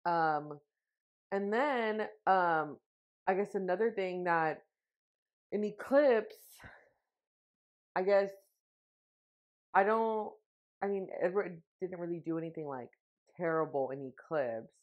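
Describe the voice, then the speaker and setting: A young woman co-hosting a podcast, chatting in a rambling way full of fillers and restarts. Her voice sits a little low for a woman. The recording is muffled and lo-fi. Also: takes it slowly, long pauses. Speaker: podcast co-host. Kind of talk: casual chat.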